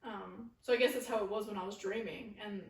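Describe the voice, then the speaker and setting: A young woman co-hosting a casual podcast, talking in quick chatty bursts. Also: medium pitch, fairly even intonation, vocal fry. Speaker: podcast co-host. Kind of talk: casual chat. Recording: echoey room, far from mic.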